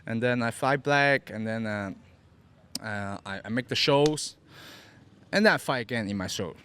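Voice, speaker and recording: Speaking at normal speed with a medium pitch and a fairly bright tone, a young Hong Kong man with a Cantonese accent tells his story as a podcast guest. His English is broken and he repeats words often; there's a little hiss or hum.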